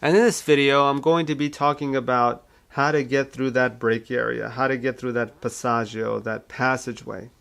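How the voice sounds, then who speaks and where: Gravelly-voiced male vocal coach. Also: mid-range voice, normal speed, few pauses. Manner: calm, reassuring teaching with repeated phrases. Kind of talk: singing lesson with vocal exercises.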